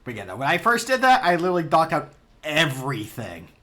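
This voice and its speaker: A man's voice: a little high, wildly swooping pitch, brisk, sharp tone. A man streaming a game, giving chatty, self-deprecating live commentary and laughing at his mistakes.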